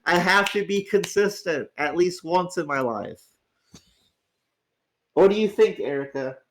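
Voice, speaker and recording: Groggy male stream host, raised pitch, loose profane rambling delivery. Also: measured pace, fairly bright tone, slight background noise. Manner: rambling, swears freely, stammers on restarts. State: tired, groggy. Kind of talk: casual livestream chat.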